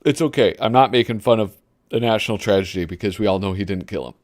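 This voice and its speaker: A man's voice: fairly low pitch, quick pace. A male host giving casual live commentary while flipping through a magazine. He rambles, gropes for names and chuckles often.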